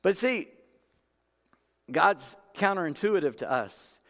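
High-voiced folksy preacher man, echoing hall. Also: very animated, takes it slowly, fairly bright tone. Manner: folksy, conversational preaching that acts out Bible characters. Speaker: pastor. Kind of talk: sermon. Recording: long reverb of a large room.

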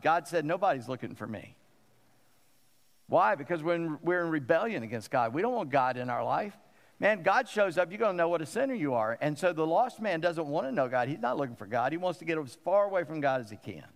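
A man's voice: on the high side, big pitch swings, a little fast, in a large hall. A man, a pastor preaching a sermon in an emphatic way and repeating phrases for stress.

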